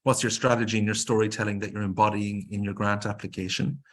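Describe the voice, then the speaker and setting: An Irish man runs a webinar over a call, his voice sitting a little low. He talks briskly and emphatically, stacking up rhetorical questions as he makes his points. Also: steady tone. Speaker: grants presenter. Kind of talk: webinar presentation.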